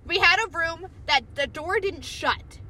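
A woman's voice: very high-pitched, a little slow, sharp tone, a little hiss or hum. A woman co-hosting a podcast from inside a car, blunt and crude, swearing freely in casual chat. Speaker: podcast co-host.

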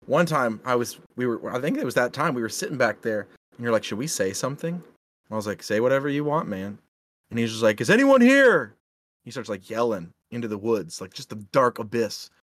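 A young man co-hosting a podcast, casually telling animated ghost stories and swearing freely. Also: medium pitch, brisk. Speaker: podcast co-host.

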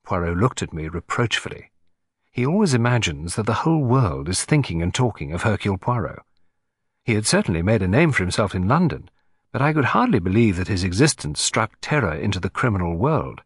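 A man narrating an audiobook in a measured, first-person storytelling voice. His tone is slightly husky and moves expressively up and down, recorded close with a dry, dead sound. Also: fairly low pitch, big pitch swings, dry recording.

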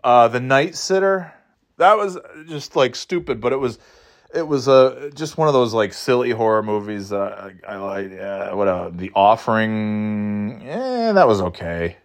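A man's voice: fairly low pitch, expressive, unhurried. A man hosting a podcast, chatting casually about movies in a rambling, profane way, acting out scenes in mocking voices. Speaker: podcast host.

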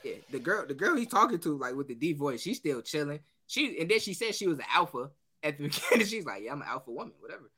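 A man's voice: a little high, fast, few pauses, breathy edge. A man co-hosting a casual podcast, telling a story with acted-out quotes and frequent laughter. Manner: animated storytelling, acts out quotes, laughs often. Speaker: podcast co-host.

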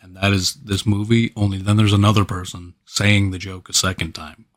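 A man's voice: on the low side, little pitch movement, normal speed. A man co-hosting a casual movie review podcast with wry, dry jokes. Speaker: podcast co-host.

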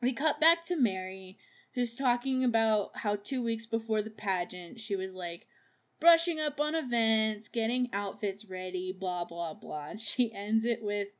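A woman's voice: on the high side, expressive, a little slow. A woman hosting a podcast, recapping a movie in a casual, profane way. She laughs often and gushes over the characters she loves. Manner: gushing about favorite characters. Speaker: podcast host.

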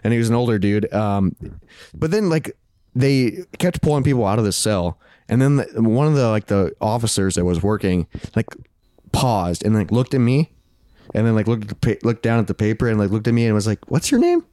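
A man's voice: fairly low pitch, fairly quick, warm tone, dry recording, studio quality. A young man co-hosting a podcast, telling a story in a rambling way, with lots of swearing and restarts. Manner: rambling, swears often, many likes and restarts. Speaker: podcast co-host. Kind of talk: casual chat, storytelling.

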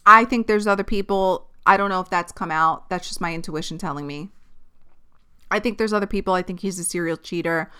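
A woman's voice: lowish voice, fairly quick, smooth. Blunt, profane young woman podcaster. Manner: blunt, profane, animated venting. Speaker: podcast host. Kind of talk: casual solo podcast rant.

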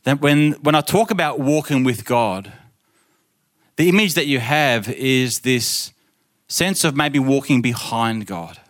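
A man's voice: mid-range voice, lively intonation, a little slow. A middle-aged man preaching in a casual storytelling style. He acts out the voices of the people in his story and laughs often. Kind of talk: storytelling sermon.

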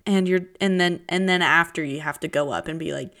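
A woman's voice: fairly quick, hardly any pauses, fairly bright tone. Chatty young woman podcast host. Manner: chatty, dramatic, jumps between pitches and whispers. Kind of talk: casual chat.

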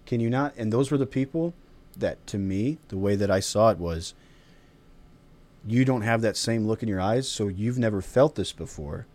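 Low-pitched male host, reflective storyteller, casual round-table chat. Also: moderate pace, darkish tone. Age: father of a young child. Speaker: podcast host.

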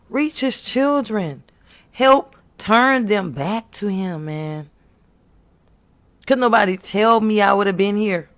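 Man, high-pitched, unhurried, impassioned preaching, earnest and repetitive. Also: a bit bright. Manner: earnest, pleading, repetitive exhortation. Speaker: faith speaker.

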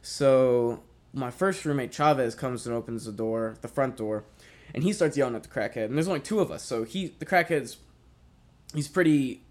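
A man's voice: mid-range voice, normal speed. A young man telling a story in casual chat, rambling and swearing, with lots of fillers. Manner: rambling, profane, many fillers.

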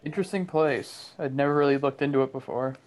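A man's voice: mid-range voice, fast talker. A man co-hosting a podcast, musing in casual chat with lots of fillers and restarts. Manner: musing, hesitant, filler-heavy.

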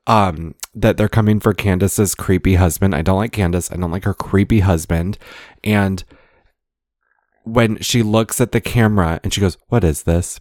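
Deep-voiced man gossiping playfully. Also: a little mellow, no echo, clean studio sound. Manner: gossipy, playful, dramatic retelling. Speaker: podcast co-host. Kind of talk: casual chat.

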